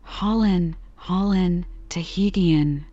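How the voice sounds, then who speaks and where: A woman reading the lines of a stern, obsessed old sea captain with commanding, archaic speech, in a calm sleep-story reading of a classic novel. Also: lowish voice, takes it slowly, no room sound, muffled recording.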